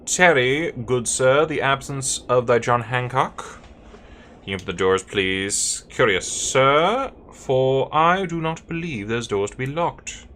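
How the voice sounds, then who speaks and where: A man's voice: medium pitch, lively intonation, takes it slowly, sharp tone, a little hiss or hum. A man voicing a formal landlord who speaks in old-fashioned, pompous English. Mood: courteous. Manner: archaic, pompous phrasing.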